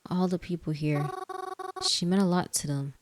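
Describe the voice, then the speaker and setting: A woman reading the lines of a kind young woman at a funeral in a game, soft-spoken and reassuring. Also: lowish voice, normal speed, background noise, natural voice. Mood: consoling. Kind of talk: reading game dialogue aloud.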